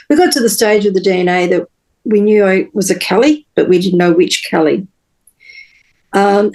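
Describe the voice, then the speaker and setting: A woman, a podcast guest telling her personal story in an earnest, halting way with many pauses and restarts. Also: mid-range voice, darkish tone, low-quality recording.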